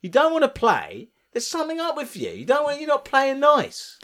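A man co-hosting a podcast, telling absurd stories in a deadpan way and swearing casually. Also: very high voice, moderate pace. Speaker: podcast co-host. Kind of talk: casual chat.

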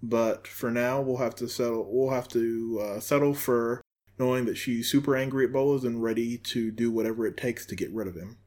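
A man co-hosting a podcast, unhurried and hesitant with frequent ums as he introduces topics. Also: mid-range voice, steady tone, darkish tone. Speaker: podcast co-host. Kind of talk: casual fan discussion.

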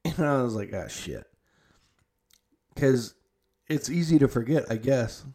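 A young man with a warm, mid-range voice tells a long story about a family visit at a normal pace. His speech is casual and rambling, packed with "like" and restarts.

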